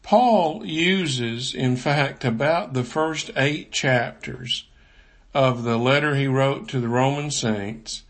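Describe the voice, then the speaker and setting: A man gives a Sunday sermon at a deliberate, slow pace. His voice sits in an ordinary middle pitch, and he reads scripture passages in an even, measured way. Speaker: preacher.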